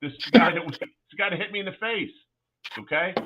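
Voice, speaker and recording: A middle-aged man, a former college basketball player, telling animated anecdotes as a guest with frequent restarts. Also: high-pitched, a little fast, background noise. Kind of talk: casual interview storytelling. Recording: tinny phone-like line.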